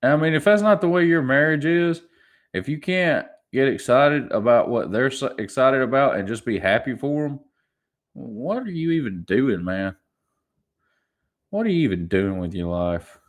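A man's voice: mid-range voice, animated, normal speed. A man in his twenties hosting a solo podcast, telling stories in a rambling, chuckling way with many restarts. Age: 20s. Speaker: podcast host. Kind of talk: casual solo podcast storytelling.

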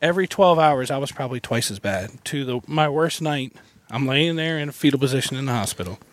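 A male guest in a van telling a story in a halting, casual way, chuckling now and then. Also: medium pitch, animated, dry recording. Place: inside a parked van.

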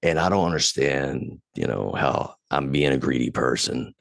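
Very deep gravelly man telling a story. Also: moderate pace, dry recording, clean studio sound. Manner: profane, animated retelling, voice rising when angry. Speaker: podcast guest. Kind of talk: casual storytelling chat.

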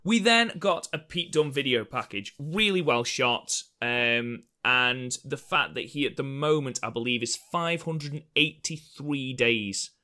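A man talks through a wrestling show in casual podcast chat. He is jokey and loose and swears now and then. His voice is bright and forward, at a middling pitch. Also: a little slow, hardly any pauses. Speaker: podcast co-host.

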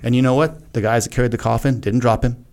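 A man's voice: medium pitch, fairly even intonation, fast, darkish tone. A middle-aged man, a retired Navy SEAL guest on a podcast, telling a personal story in a frank, earnest, casual way and acting out his own past remarks.

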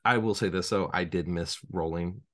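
A man co-hosting a podcast in casual chat, telling stories in an animated way with frequent restarts and laughter. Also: low-pitched, normal speed. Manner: animated storyteller, stammers and restarts, laughs often. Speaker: podcast co-host.

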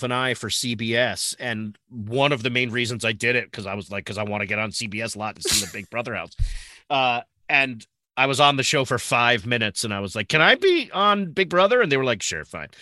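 A man in his forties as an interview guest, talking excitedly with frequent laughs and restarts. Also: medium pitch, dry recording, studio quality. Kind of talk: casual interview.

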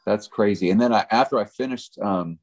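A man's voice: on the low side, a little fast, a little mellow. A middle-aged man, a country musician guest, telling stories in a laid-back, rambling way with lots of fillers. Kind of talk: casual storytelling chat.

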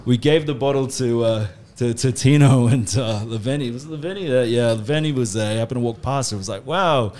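A man's voice: medium pitch, fast, few pauses, warm tone. A young Australian man hosting a podcast, telling a story to his mates with lots of laughing and swearing. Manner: laughing, swearing, rowdy banter. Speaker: podcast host.

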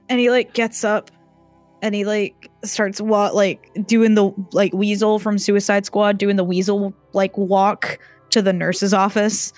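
A woman's voice: mid-range voice, little pitch movement, measured pace, a little mellow, no echo, faint music behind. A woman narrating as game master in a casual, filler-heavy, giggly way.

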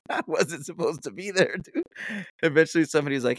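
Fast-talking laid-back man swearing freely. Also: medium pitch, very animated, dry recording. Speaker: podcast co-host. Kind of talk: casual chat.

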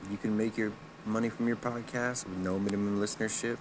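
Low-voiced man reading an ad, noisy background. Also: level tone, brisk. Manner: casual, plain, a few fillers. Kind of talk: casual ad read. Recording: clear background noise.

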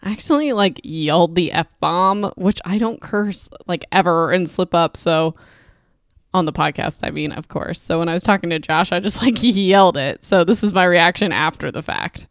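A woman's voice: fairly low pitch, moderate pace, dry recording. Podcast host: a giggly, scattered woman on a dry close mic, chatting casually and constantly restarting. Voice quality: giggly, keeps breaking into laughter. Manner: scattered, self-interrupting, restarts. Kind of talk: casual chat, bloopers. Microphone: desk mic close by.

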